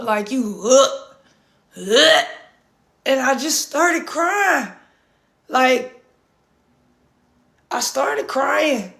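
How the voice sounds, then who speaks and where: A hoarse woman speaking in a casual, intense live-stream monologue, repeating herself and swearing freely. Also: on the high side. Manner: intense, repetitive, profane, swings to shouting. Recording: roomy echo.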